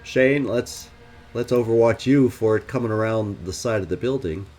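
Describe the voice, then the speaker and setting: A gaming channel host in a let's play reasons out his tactical moves aloud, with wry, self-questioning asides along the way. His voice sits on the low side, a little mellow, at normal speed.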